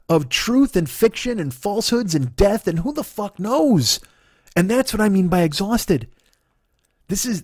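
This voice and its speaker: A man in his forties ranting in a profane podcast monologue, agitated, sometimes dropping to a mutter and then rising to a shout. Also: sits high, no room sound, clean studio sound. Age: 40s. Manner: agitated, swearing, swings between muttering and shouting. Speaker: podcast host.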